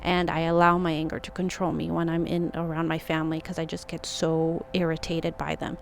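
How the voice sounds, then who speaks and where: Earnest woman vlogger giving gentle advice. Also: low-pitched, completely flat delivery, a little fast, gravelly, slight background noise. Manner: earnest and encouraging, many "like" fillers. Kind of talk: casual heartfelt advice monologue.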